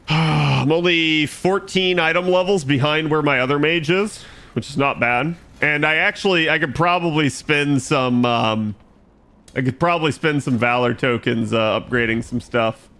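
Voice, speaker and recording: A man whose voice sits on the high side, with a fairly bright tone and measured pace, streams himself playing an online game. He chats loosely with viewers, rambling, correcting himself and swearing casually.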